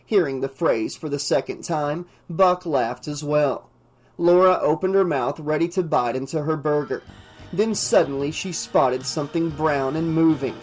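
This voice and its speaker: A man reading an audiobook, narrating the story in a steady, even way. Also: fairly high pitch, normal speed, faint music behind.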